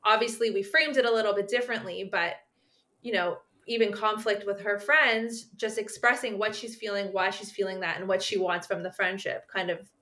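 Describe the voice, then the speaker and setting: Woman guest, bright voice, chatty and explanatory, lots of "you know". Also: medium pitch, steady tone, normal speed. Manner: explains at length with many fillers. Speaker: speech therapist guest. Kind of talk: podcast conversation.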